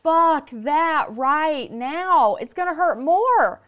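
A woman hosting a podcast who tells stories in a casual, profane, lively way. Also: high-pitched, takes it slowly. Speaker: podcast host.

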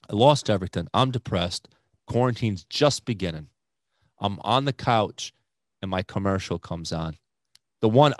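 A man's voice: fairly low pitch, no echo, studio quality. A young man with a Rhode Island accent, a stand-up comedian chatting casually on a podcast in profane, self-deprecating rants.

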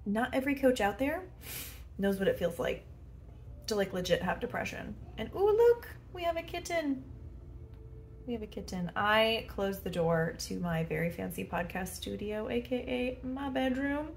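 A woman's voice: mid-range voice, normal speed, creaky, slight background noise. A woman hosting a solo podcast from her bedroom as a head coach, chatty and self-deprecating, with many fillers. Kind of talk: casual solo podcast monologue.

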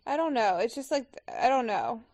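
Woman podcast co-host, emotional and candid, slightly high, gravelly. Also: very animated, moderate pace, darkish tone, dry recording, clean studio sound. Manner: emotional, effusive, swearing. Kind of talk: casual movie-watch commentary.

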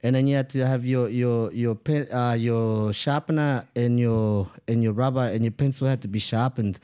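A man's voice: medium pitch, fairly even intonation, normal speed, dark tone, clean tone. Swearing storyteller man from El Salvador. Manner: rambling, swears freely, laughs through his stories. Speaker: guest. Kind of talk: casual storytelling chat.

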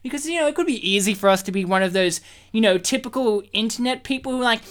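A man's voice: sits high, lively intonation, quick pace, a bit bright. A man co-hosting a casual film podcast, joking and rambling, swearing and laughing often. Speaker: podcast co-host.

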